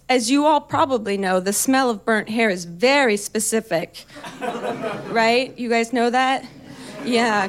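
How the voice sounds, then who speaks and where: A young woman tells a long comic story on stage in a high, bright register. She talks in a loose, chatty way, mocks herself, and laughs through her own lines. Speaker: stand-up comedian. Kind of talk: stand-up storytelling.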